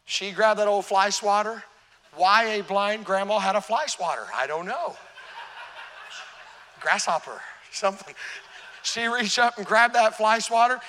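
A pastor preaching a sermon in a church, telling humorous stories and questioning his congregation. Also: high voice. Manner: animated, humorous storytelling, asks the congregation questions. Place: church sanctuary. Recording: long church reverb.

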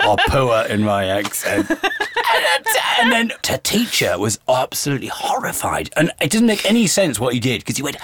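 Animated man telling stories with laughs. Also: medium pitch, normal speed, noisy background. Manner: animated storytelling, laughs often, puts on quoted voices. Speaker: podcast host. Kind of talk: casual comedic chat.

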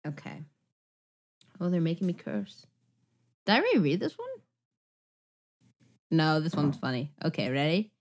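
A woman's voice: low voice, very animated, normal speed, long pauses. A woman co-hosting a film podcast, chatting casually and laughing often as she reads listener reviews aloud with playful asides. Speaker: podcast co-host. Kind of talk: casual chat.

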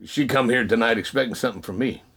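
A man voicing the calm, commanding voice of God in a spoken testimony, measured and solemn. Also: mid-range voice, breathy edge, pitched below the performer's own voice.

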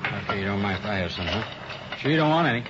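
A talkative, jumpy garage mechanic, played by a man, rambles fast in a lowish voice. The lo-fi old radio recording carries clear background noise. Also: expressive, close to an everyday voice. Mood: chatty. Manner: chatty, rambling small talk. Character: chatty male garage owner, jumpy and talkative. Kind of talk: 1950s radio crime drama.

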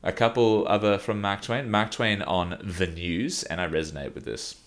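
Brief: male podcast co-host, very low voice, casual, reads quotes with punch. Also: steady tone, moderate pace. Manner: laughs often, reads quotes with lifted emphasis. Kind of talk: casual chat, reading out quotes.

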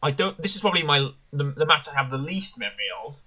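Bright-voiced man chatting wrestling. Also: a little high, fast, poor audio. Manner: rambling, enthusiastic, self-correcting. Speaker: podcast co-host. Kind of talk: casual wrestling review chat.

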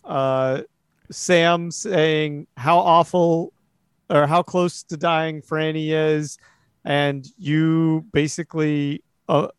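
A man's voice: fairly high pitch, smooth, no room sound. A man running a tabletop role-playing game as game master, casual and joking with his players.

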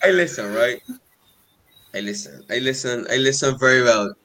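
A man calling in to a cricket show, making his point slowly with restarts. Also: medium pitch, bright, forceful tone, a little hiss or hum. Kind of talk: sports debate.

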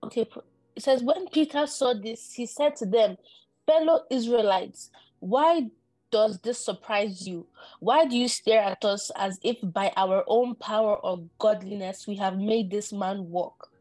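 A woman reading scripture aloud in a steady, deferential way during a sermon. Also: medium pitch, measured pace, no echo, soft background music. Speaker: scripture reader.

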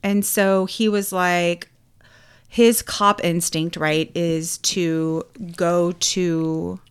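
A Texan woman co-hosting a casual chat, telling travel stories in a lively way and acting out what people said. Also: lowish voice, very slow, clear, resonant tone. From Texas. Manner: animated storyteller, acts out quotes. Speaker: podcast co-host.

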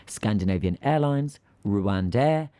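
A British man with a fairly low voice chats on a podcast, telling animated stories and acting out scenes. His voice sounds close and dry, with no room echo. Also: takes it slowly, clear, resonant tone. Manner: animated storyteller, acts out scenes. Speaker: podcast co-host. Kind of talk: casual podcast chat.

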